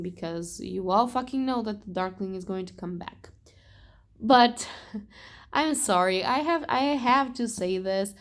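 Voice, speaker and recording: A young woman talking casually in a book vlog, animated and exasperated, swearing and laughing often. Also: a little high. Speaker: book vlogger.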